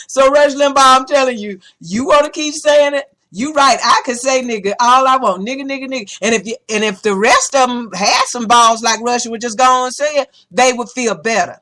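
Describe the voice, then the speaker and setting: A woman hosting her own talk podcast, blunt and profane, with a bright, forceful voice pitched a little high. She tells animated stories in a loose, casual way. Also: normal speed. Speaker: podcast host. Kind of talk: casual opinion talk show. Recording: podcast recording.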